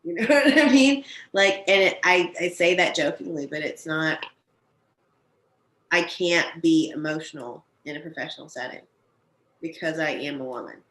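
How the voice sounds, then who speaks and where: Candid, low-voiced woman in an echoey room. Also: expressive, moderate pace, fairly bright tone. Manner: candid and emphatic, swears freely. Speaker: podcast guest, cannabis industry professional. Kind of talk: casual podcast conversation. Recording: echoey room, faint background noise.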